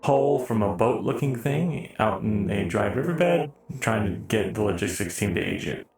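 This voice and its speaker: A man's voice: lowish voice, expressive, moderate pace, gravelly, a little mellow. A man voicing a formal, literal-minded male synthetic soldier in live role-play, speaking stiffly without contractions. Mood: calm. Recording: roomy echo, faint music.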